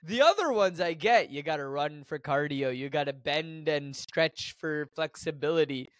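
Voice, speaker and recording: Give me a high-pitched man joking through a movie recap on a podcast, dry sound. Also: normal speed, no echo. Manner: animated, joking, reads notes aloud. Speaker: podcast co-host recapping a film. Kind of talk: casual chat.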